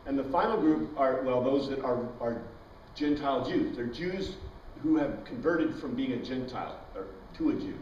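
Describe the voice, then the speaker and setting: A man's voice: medium pitch, animated, normal speed, a little mellow, a little hiss or hum. A man teaching an informal Bible class, chatty, quizzing his students and wandering into tangents. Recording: dull, echoey room recording from far off.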